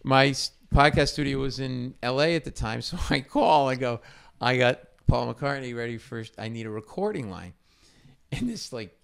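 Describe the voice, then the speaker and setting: A middle-aged comedian telling a story in chat, animated and acting out quotes loudly. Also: male voice, mid-range voice, moderate pace, gravelly, clean tone. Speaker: comedian guest.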